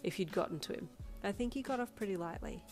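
A woman reading the lines of a shy, gentle young woman who speaks softly and reassuringly. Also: medium pitch, fast talker, soft background music, natural voice. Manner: soft-spoken, shy.

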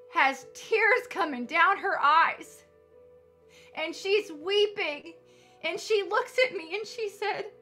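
Fervent high-voiced woman preacher. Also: bright, forceful tone. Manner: fervent, storytelling, emphatic. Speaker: ministry leader. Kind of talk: testimony sermon.

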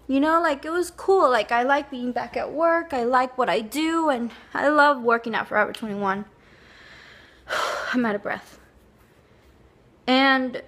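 A woman's voice: on the high side, a bit bright. A young woman chatting casually to camera, telling a rambling story with lots of fillers. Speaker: vlogger.

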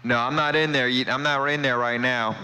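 A man's voice: mid-range voice, fairly even intonation, normal speed, sharp tone, clean tone, rough recording. A man chatting on CB radio from his home station, friendly and repeating his call sign and sign-offs. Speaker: CB radio operator. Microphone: CB radio microphone.

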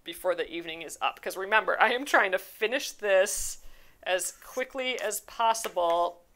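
A young woman talks while she stitches on a live craft stream, her voice sitting at an ordinary middle pitch. She rambles in a relaxed way, answering viewers with plenty of fillers, restarts and quick laughs. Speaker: embroidery teacher hosting a live stream.

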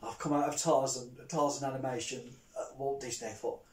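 A middle-aged man hosting a podcast in casual chat, rambling and halting with frequent restarts. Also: mid-range voice, steady tone, reverberant, distant mic. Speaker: podcast host.

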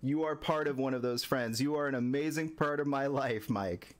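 A young adult man streaming a live reaction, emotional and quick to laugh and swear. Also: mid-range voice.

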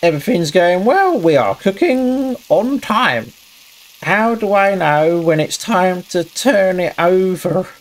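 A man narrates his own gameplay, cursing often and talking himself through each step. His pitch swings widely, and he jumps into high yelps when something goes wrong. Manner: swears a lot, talks himself through the tasks. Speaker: gaming channel host. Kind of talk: casual gameplay commentary.

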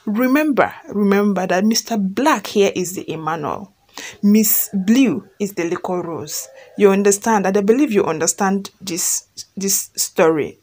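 A woman's voice: mid-range voice, measured pace, a little mellow. A woman who reads a fan story aloud and then retells it chattily, often checking in with listeners and repeating herself.

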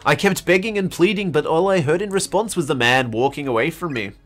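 Faint music plays behind a let's play streamer whose medium-pitched voice moves a little fast. Reading horror game text aloud, they perform it theatrically, slipping into acted pleas and screams.

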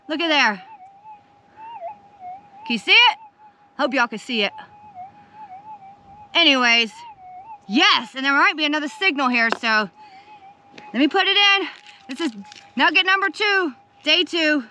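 A woman with a very high-pitched voice talks to her viewers at a measured pace, pausing often, while she prospects for gold out in the desert with her camera set down close by. She's a chatty vlogger who calls her audience "y'all" and squeals when she gets excited. The casual narration carries a slight hiss or hum.

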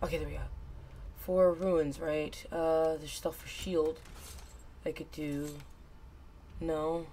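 A woman streaming a video game live, reacting excitedly and repeating phrases rapidly as she plays. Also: deep voice, slight background noise. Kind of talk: live gameplay commentary. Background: game music.

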